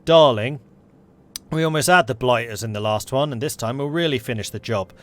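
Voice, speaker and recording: A man's voice: medium pitch, a little fast, lightly acted. A man with a South London accent playing a gung-ho older English army veteran, with jolly, bluff bravado.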